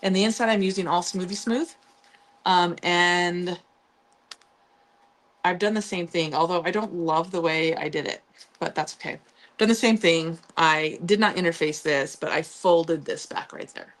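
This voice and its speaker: A woman's voice: lowish voice, normal speed. A woman hosting a casual live sewing tutorial, chatty and upbeat, with frequent ums and playful asides to her viewers. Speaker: sewing channel host.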